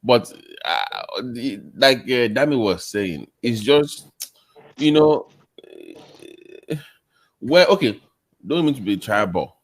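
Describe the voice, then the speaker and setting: A man hosting a casual online chat, animated and teasing. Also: medium pitch, slow, long pauses. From Nigeria. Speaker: host.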